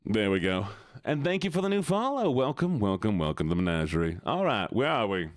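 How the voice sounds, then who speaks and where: Male streamer, teasing and playful, very animated pitch, dry close mic. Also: fairly quick, dry recording. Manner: playful, teasing, greets chat by name. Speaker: livestreamer. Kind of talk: casual live-stream chat.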